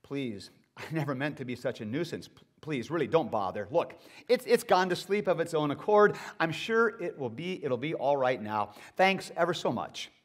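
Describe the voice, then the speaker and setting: A man's voice: a little high, expressive, moderate pace. A man doing a flustered, dithering ghost. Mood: flustered evasive. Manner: flustered, dithering, polite excuses. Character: fretful evasive male ghost from hell.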